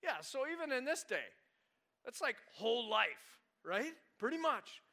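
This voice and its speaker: A male pastor preaching a conversational sermon, animated and full of rhetorical questions to the congregation. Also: very high-pitched, unhurried, gravelly.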